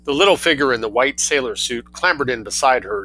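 A man reading a story aloud in a relaxed, lively way, doing voices for the characters. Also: medium pitch, fairly quick, hardly any pauses, faint music behind, low-quality recording.

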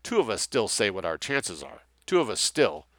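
A man's voice: on the low side, big pitch swings, normal speed, a bit bright, no room sound. A man voicing a blunt, brash young woman mercenary who talks in a slangy, challenging way. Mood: pushy.

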